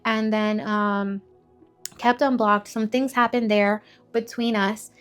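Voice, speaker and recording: A woman's voice: medium pitch, flat delivery, takes it slowly, smooth, faint music behind. A young woman telling her faith testimony in a candid, conversational way, blunt and full of filler words.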